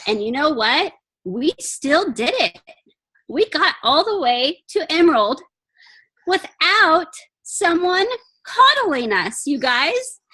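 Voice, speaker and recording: A woman's voice: sits high, fairly bright tone. A woman giving a chatty, emphatic pep talk to her team on a video call from home, acting out little dialogues.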